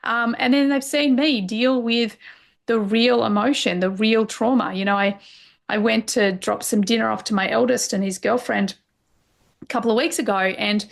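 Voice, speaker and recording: A woman's voice: fairly high pitch, fairly even intonation, moderate pace, creaky. A middle-aged woman coach, a podcast guest, sharing personal stories openly and emotionally, with lots of fillers. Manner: open and emotional, many fillers. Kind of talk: candid personal conversation.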